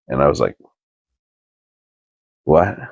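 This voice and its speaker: Deep-voiced man telling a rambling story. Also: lively intonation, slow, creaky, no room sound, muffled recording. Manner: rambling, full of "like" fillers, earnest. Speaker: podcast co-host. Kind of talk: casual personal storytelling.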